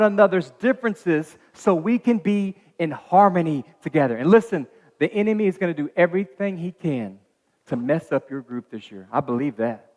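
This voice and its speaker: A man preaching as a pastor in a dark church auditorium, telling a personal story in a chatty, animated way with many asides and restarts. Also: a little high, moderate pace, big-room sound. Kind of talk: sermon.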